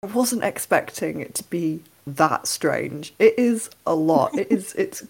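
Low-voiced woman gushing about a film. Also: a little slow, creaky, breathy edge. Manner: animated, laughing, exclamatory. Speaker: podcast co-host. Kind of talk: casual film review chat.

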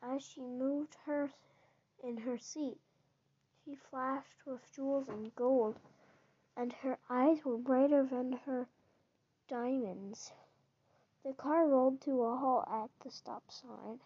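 Lady reading a kids book out loud, slow, high breathy voice, trips on words sometimes, muffled lo-fi audio. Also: fairly even intonation. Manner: gentle reading with occasional stumbles and restarts. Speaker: narrator. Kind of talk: reading a children's book aloud. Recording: dull lo-fi recording.

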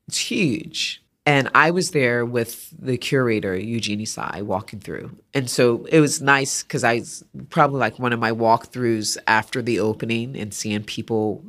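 A woman's voice: very deep voice, moderate pace, few pauses. A woman artist, a podcast guest, telling stories in conversation and acting out the voices of people she quotes. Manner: animated storyteller, acts out quoted voices. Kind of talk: interview conversation.

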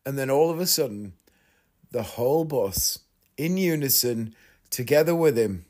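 A podcast host with a medium-pitched, slightly mellow voice and lively intonation tells a rambling travel story at a moderate pace. It's a chatty, casual monologue, and he laughs at his own tale.

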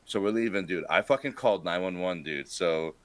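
A man's voice: sits low, brisk, no echo. A man from Rhode Island, a podcast co-host, telling a profane, rambling story in casual chat.

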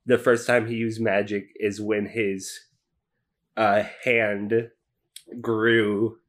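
A player at a tabletop role-playing game talking in a slow, hesitant, casual way. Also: mid-range voice, level tone. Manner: slow and hesitant, laughing easily.

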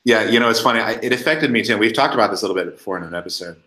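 Man co-hosting a podcast, fairly low voice, animated storytelling, roomy echo. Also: rapid-fire. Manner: animated storytelling with many restarts. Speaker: podcast co-host. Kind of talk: casual chat. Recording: echoey room.

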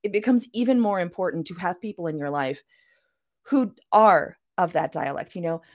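A woman's voice: lowish voice, moderate pace. A woman author being interviewed on a podcast, talking casually and acting out little quoted voices as she explains her point. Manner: chatty, acts out quoted voices. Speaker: author guest.

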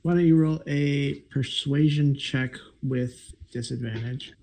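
A man narrates a tabletop game as its game master, pausing often and filling gaps with ums. His voice is low-toned and gravelly, and he takes his time. The delivery stays mellow throughout. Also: fairly even intonation. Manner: halting, many fillers.

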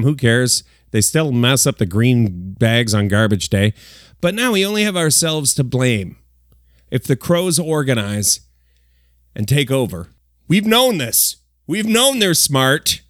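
A man hosts a comedic news countdown. His voice sits a little high and swings widely as he throws in exaggerated asides. The studio sound is close and dry. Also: no room sound. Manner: animated, jokey, exaggerated asides. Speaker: host of a countdown segment.

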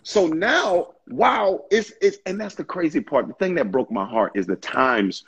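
A man in a casual faith discussion, talking in an impassioned, preachy way with stammering restarts and a husky voice. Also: on the high side, lively intonation, unhurried, fairly bright tone, dull audio.

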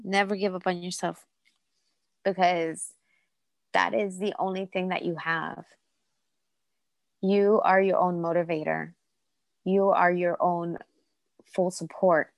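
A woman's voice: on the low side, steady tone, slow, long pauses, dry recording. A woman from Colombia, a mother of four, speaking earnestly as a podcast guest and repeating phrases for emphasis. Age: adult mother of four. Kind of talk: heartfelt interview talk.

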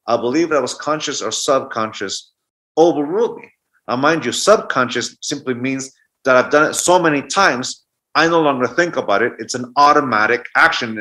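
Brief: man in his 40s, middle pitch, bright tone, musing storyteller on an interview. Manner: anecdotal, restarts mid-thought. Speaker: guest speaker. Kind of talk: reflective storytelling talk.

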